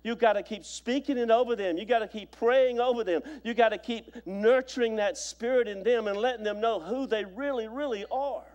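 Pastor, male, high voice, storytelling sermon delivery with repetition. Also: moderate pace, hardly any pauses, a little mellow, dull audio. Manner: storytelling preacher, repeats phrases, stammers on restarts.

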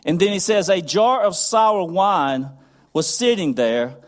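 A man's voice: sits high, lively intonation, a little slow. A man preaching a sermon, earnest and building in intensity, repeating phrases as he goes. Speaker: pastor.

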